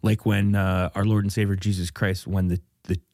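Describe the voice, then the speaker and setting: A man's voice: low-pitched, level tone, moderate pace, a little mellow, no room sound, studio quality. A man from the Midwest hosting a comedy podcast in casual chat, joking and riffing playfully. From American Midwest. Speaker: podcast host.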